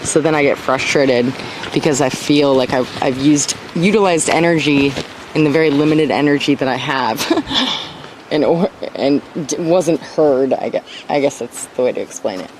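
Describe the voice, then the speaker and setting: Background noise accompanies this woman's very deep voice as she talks at a normal speed. Tired and chatty, she livestreams from in and around her car outdoors, rambling, cutting herself off and at times straying far from her clip-on mic.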